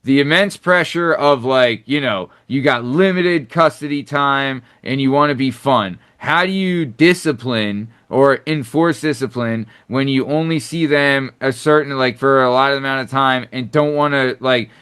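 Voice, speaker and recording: A man's voice: medium pitch, measured pace, few pauses, fairly bright tone, clean tone. A man co-hosting a podcast, chatting casually in a blunt, profane way. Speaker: podcast co-host.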